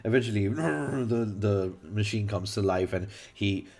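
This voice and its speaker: A man from Malta narrating a tabletop role-playing game as game master, halting and full of fillers and restarts. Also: fairly low pitch, gravelly, darkish tone.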